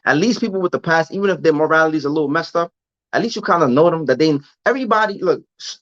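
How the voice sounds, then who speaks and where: A man's voice: a little high, racing, a bit bright, no room sound, muffled recording. A man chatting casually on a livestream, loose and slangy, often restarting and repeating his words. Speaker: vlogger answering live chat.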